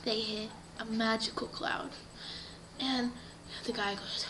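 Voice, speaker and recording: A woman improvising a story in an animated way, often dropping into breathy whispers. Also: on the high side, slow, noisy background.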